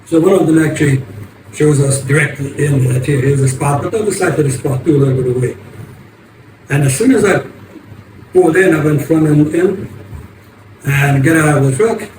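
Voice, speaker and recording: An older man tells his story in a halting, rambling way, his voice set a little high for a man. He sits back from the microphone, so the sound comes through echoey and distant. A steady hiss of noisy ambience runs underneath. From United States. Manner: rambling, halting, many restarts. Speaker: vlogger. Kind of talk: casual storytelling.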